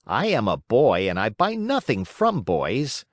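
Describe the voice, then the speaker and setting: A man's voice: medium pitch, huge pitch swings, a little slow, no echo, studio quality. A man voicing a sensible little boy who speaks in a matter-of-fact, scornful way.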